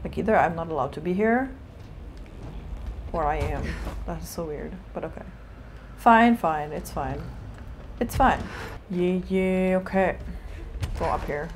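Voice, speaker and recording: A woman streamer with a slightly low voice who chats casually through her gameplay. She swears freely and talks back to the game. There is a faint hiss of noise behind her. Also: moderate pace, long pauses.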